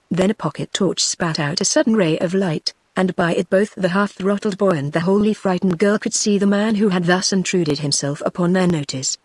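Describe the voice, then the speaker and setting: A synthetic text-to-speech woman's voice with a British accent, reading a novel as scripted narration in a steady tone. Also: fairly low pitch, a little fast, few pauses, no echo. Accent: British English. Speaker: audiobook narrator.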